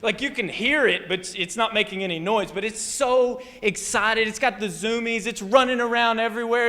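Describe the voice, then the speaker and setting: High-voiced rambling male preacher. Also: a little fast, few pauses, in a large hall. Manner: rambling, animated, self-interrupting. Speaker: pastor. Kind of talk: storytelling sermon. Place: church hall.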